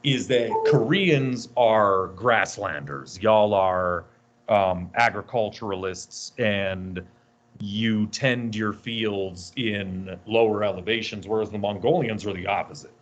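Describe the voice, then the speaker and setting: A man's voice: lowish voice, slow pace, a crowd in the background. A man co-hosting a casual podcast, rambling through tangents and swearing freely. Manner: rambling, profane, tangent-prone. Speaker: podcast co-host. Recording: dull lo-fi audio.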